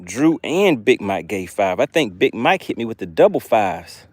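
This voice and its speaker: A man's voice: lowish voice, big pitch swings, moderate pace, no echo. Chatty man live-streaming from a fishing boat. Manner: chatty, thanks viewers warmly. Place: outdoors on a boat on the water.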